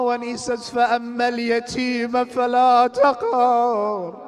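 A man preaching an emotional sermon, telling a story slowly and dramatically, growing impassioned and chanting Arabic quotations in a sung style. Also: very high-pitched. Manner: switches between English and classical Arabic recitation. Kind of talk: emotional religious sermon narration.

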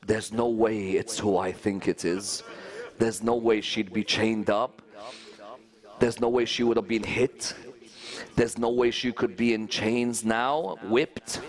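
A man voicing a hushed, wondering queen. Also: normal speed, natural voice. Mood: disbelieving. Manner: hushed, wondering, lower and softer than his telling. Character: reflective royal woman on a throne.

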